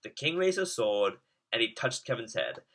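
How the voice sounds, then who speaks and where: A man reading a rhyming storybook aloud in a lively, sing-song way. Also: medium pitch, moderate pace. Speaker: storybook reader.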